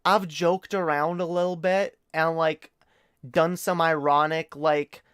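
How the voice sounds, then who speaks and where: On a live stream, a man with a fairly high, bright, clean voice talks straight to his chat in studio-quality audio with no room sound. He rambles earnestly and voices strong opinions, swearing casually amid plenty of fillers and restarts.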